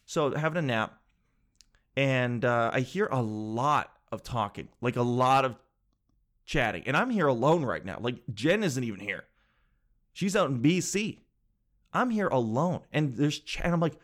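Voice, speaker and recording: A young man telling a story in a casual, animated way, swearing freely and acting out what others said. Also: mid-range voice, normal speed. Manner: animated, swears freely, acts out quoted voices.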